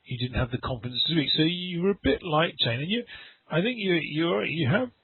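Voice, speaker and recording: A middle-aged English teacher leads a conversational online lesson over a video call, rambling, repeating words and acting out little dialogues. His voice is a little high and brisk with lively intonation, vocal fry and slight roughness. The call audio is dry and tinny, with no echo.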